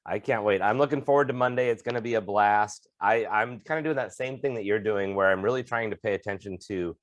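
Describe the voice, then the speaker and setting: A man's voice: on the low side, brisk, dry recording. A man co-hosting a comedy podcast, talking in an earnest, thoughtful and supportive way. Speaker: podcast co-host, comedian and motivational speaker. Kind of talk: casual chat.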